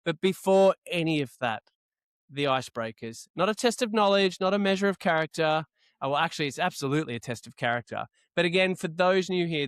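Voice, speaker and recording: Clear-voiced, wry podcast host. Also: male voice, fairly high pitch, fairly bright tone, no room sound, clean studio sound. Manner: brisk, wry presenter. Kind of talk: casual chat.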